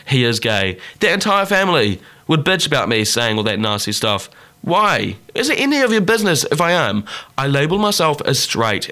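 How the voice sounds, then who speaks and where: A man hosting a solo podcast, talking earnestly and passionately and climbing higher in pitch when he gets worked up. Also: pushed and bright. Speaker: podcast host.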